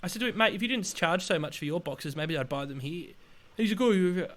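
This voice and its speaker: An Australian man co-hosting a podcast, telling stories in a lively, exasperated way with sudden outbursts. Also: fast talker. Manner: animated, exasperated storytelling with sudden high outbursts. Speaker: podcast co-host. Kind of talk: casual chat.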